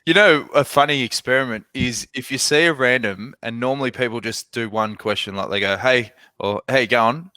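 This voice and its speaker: A man's voice: medium pitch, brisk, few pauses, pushed and bright, no echo. A young man co-hosting a podcast, chatting casually and acting out little exchanges as he tells stories. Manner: chatty storyteller, acts out exchanges. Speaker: podcast co-host. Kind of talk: casual chat.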